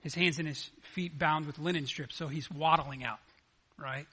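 A man preaching a sermon, animated and acting out the scripture dialogue as he retells it. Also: fairly high pitch, normal speed, husky. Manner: animated, acts out the scripture dialogue in lively voices. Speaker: pastor.

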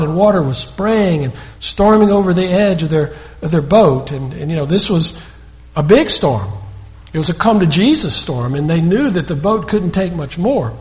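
A man preaching a sermon in a conversational storytelling way, often repeating words and restarting sentences. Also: sits high.

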